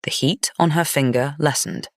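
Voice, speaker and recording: A woman's voice: low voice, moderate pace, dry recording, clean studio sound. Woman narrating a gothic fantasy audiobook.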